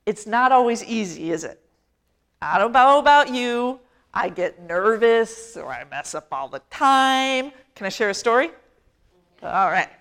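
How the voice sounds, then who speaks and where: Chatty woman priest, slightly high voice. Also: lively intonation, measured pace, fairly bright tone. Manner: chatty, self-deprecating, laughs often. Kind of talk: conversational sermon.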